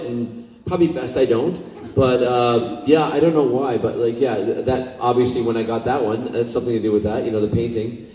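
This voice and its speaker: A man's voice: mid-range voice, warm tone, slight background noise. A man from Scotland, a guest actor at a convention panel, telling emotional stories full of fillers. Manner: rambling, emotional, many fillers. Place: convention hall. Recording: echoey hall, distant mic.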